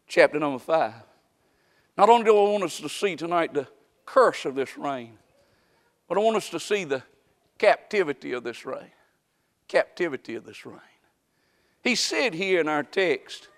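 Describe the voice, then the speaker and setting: A man preaching a sermon, swinging from loud, mocking exclamations to hushed, slow passages. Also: on the high side, in a large hall. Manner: dramatic, swings from shouting to hushed, mocking asides.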